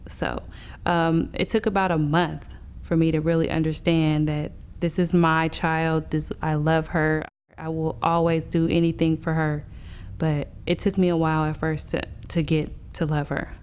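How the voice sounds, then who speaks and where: A woman speaking as a mother in an interview, with a very low voice. Her tone is smooth and clear, and she speaks candidly and reflectively. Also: little pitch movement, moderate pace, darkish tone.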